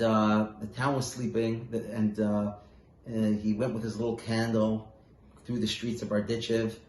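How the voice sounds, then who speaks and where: A man telling a Hasidic tale casually, with fillers and sudden loud, animated bursts, as a phone voice message. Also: lowish voice, echoey room, a little hiss or hum. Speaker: storyteller.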